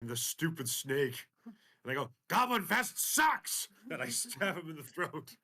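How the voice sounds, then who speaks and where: A man's voice: mid-range voice, normal speed, pushed and bright. A man taking his turn as a player in a tabletop game, laid-back and wry.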